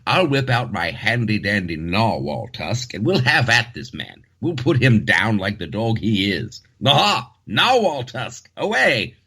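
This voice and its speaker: A man voicing a jolly, blustering gentleman. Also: lowish voice, very animated, unhurried, few pauses, breathy edge, exaggerated voice. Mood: gleeful bluster. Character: plucky posh English gentleman vigilante.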